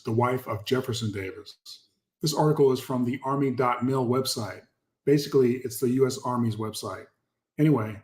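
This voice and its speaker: A man's voice: medium pitch, darkish tone. A man hosting his own channel, reading passages aloud and commenting on them emphatically. He repeats key words and speaks directly to his viewers. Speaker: channel host.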